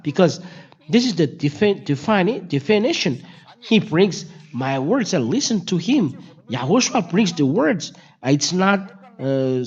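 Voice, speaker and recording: Brief: non-native male preacher, higher-pitched, stop-start delivery, dull lo-fi recording. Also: slightly rough. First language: Malagasy or French. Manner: halting, repetitive, many fillers and restarts. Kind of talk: Bible teaching. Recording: dull lo-fi sound.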